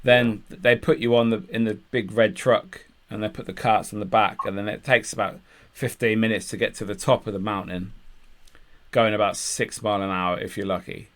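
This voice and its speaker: A man's voice: fairly low pitch, steady tone, normal speed. A man co-hosting a podcast, chatting casually about a day out, with some swearing. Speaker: podcast co-host. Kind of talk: casual chat.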